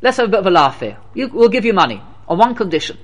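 A man's voice: sits high, sing-song, quick pace, a bit bright, exaggerated voice. A man voicing a mischievous wealthy tavern regular who taunts a visitor, his voice pushed well above his own. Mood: taunting. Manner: mocking, taunting. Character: jeering rich man mocking at a tavern.

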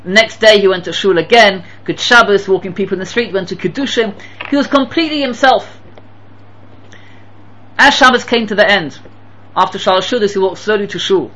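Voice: mid-range voice, fairly quick, bright, forceful tone, low-quality recording. A Torah teacher giving an impassioned sermon, telling stories and pressing rhetorical questions with emphatic repetition. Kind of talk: sermon with storytelling.

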